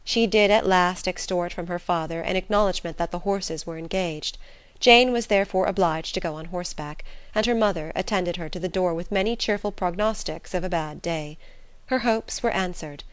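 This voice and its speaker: A woman narrating a classic novel in an even, composed way. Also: fairly low pitch, normal speed, clean tone, no echo. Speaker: audiobook narrator.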